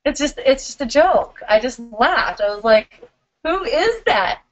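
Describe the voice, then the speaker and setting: A middle-aged woman hosting a live spiritual question-and-answer stream, talking in a warm, giggly, loving way. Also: fairly high pitch, unhurried, muffled recording.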